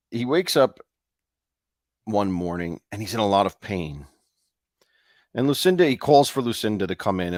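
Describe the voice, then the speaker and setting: A man co-hosting a show, casually retelling a ghost story in a loose, halting way. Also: on the low side, no echo, clean studio sound. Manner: loose, with fillers and restarts. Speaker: co-host.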